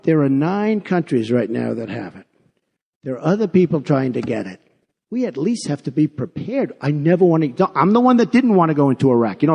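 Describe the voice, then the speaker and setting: A man delivering a rambling, boastful campaign speech from a podium microphone. His voice sits high for a man and swings widely in pitch. A long arena reverb trails every phrase. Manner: boastful, repetitive, off-the-cuff. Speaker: political candidate. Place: large rally venue.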